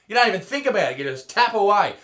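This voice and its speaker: A man's voice: high voice, sing-song, fast. A man with an Australian accent ranting crudely in a mocking comedic reaction, swearing often. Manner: loud, mocking, swears a lot. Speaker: comedy YouTuber reacting to a clip.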